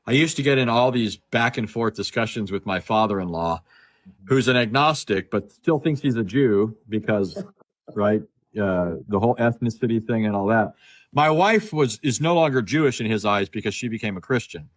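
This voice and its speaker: A man's voice: on the low side, animated, normal speed. A man on a phone video call, telling a story in casual talk, with many repeated words and the other speaker's lines acted out. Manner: chatty, repeats words, acts out quoted dialogue. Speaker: guest speaker. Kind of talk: casual storytelling in a live discussion.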